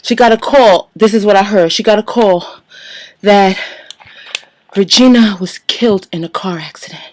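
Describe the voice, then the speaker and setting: A woman casually telling her side of a story, animated, acting out her own quoted lines and swearing freely. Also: mid-range voice, no room sound.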